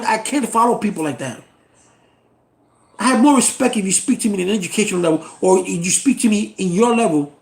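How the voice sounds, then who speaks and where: A middle-aged man from the United States rants about politics to his viewers. His voice sits high for a man and has a gravelly rasp. He talks bluntly, sounds exasperated and swears freely. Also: a little mellow, roomy sound. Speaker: channel host. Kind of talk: political rant to camera.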